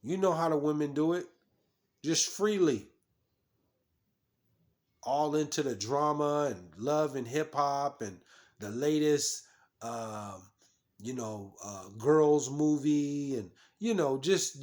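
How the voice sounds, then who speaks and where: Reading scripture aloud, a preacher whose voice sits on the high side comments on it in a scolding, repetitive manner, often stumbling through restarts and fillers.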